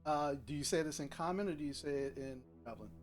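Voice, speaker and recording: A man narrating a tabletop game as game master, describing the scene with hesitant pauses. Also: fairly high pitch, faint music behind. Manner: hesitant, lots of ums and restarts while describing the scene.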